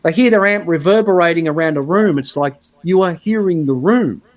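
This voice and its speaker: Animated guitarist guest, fairly high voice. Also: male voice, a little fast. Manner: animated storyteller who mimics other players. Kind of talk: casual podcast chat.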